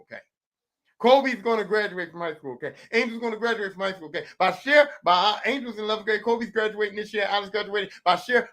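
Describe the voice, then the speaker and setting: A man's voice: high voice, a bit bright. A man, hosting a podcast with a profane, comedic rant that repeats lines for emphasis. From West Philadelphia. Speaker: podcast host.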